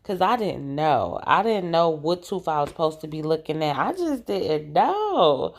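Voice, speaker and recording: A woman's voice: low voice, big pitch swings, unhurried. A woman commenting on a video in a laid-back, slangy way as a reaction host.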